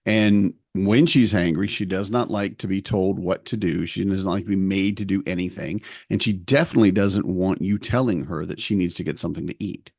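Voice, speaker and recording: A man's voice: deep voice, a little fast, gravelly, hardly any pauses, darkish tone, no echo, clean studio sound. A middle-aged man co-hosting a podcast, rambling through a family story and acting out the lines of the people in it. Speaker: podcast co-host. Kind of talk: casual chat.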